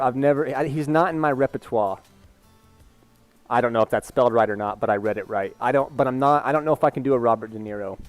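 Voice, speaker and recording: A man's voice: mid-range voice, no room sound. Rambling candid male streamer. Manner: rambling, candid, reads chat aloud. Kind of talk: casual live-stream chat.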